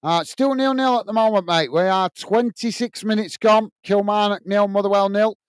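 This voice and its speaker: A man's voice: high voice, moderate pace, clean tone, no echo. A man hosting a live football watch-along, reading out viewer messages with friendly fillers and calling the play. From United Kingdom. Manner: excited goal call.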